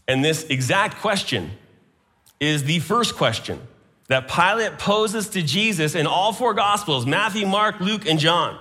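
A man's voice: high voice, animated, a little slow, bright, forceful tone. A man preaching a sermon, citing scripture references as he goes. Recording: long hall reverb.

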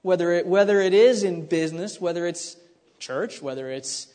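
Animated male preacher in a reverberant hall. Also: high-pitched, moderate pace. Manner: animated, acts out scripture voices, many restarts. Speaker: pastor. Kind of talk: sermon.

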